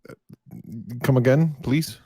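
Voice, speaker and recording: Halting male caller. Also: mid-range voice, steady tone, warm tone. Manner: halting, many restarts and fillers.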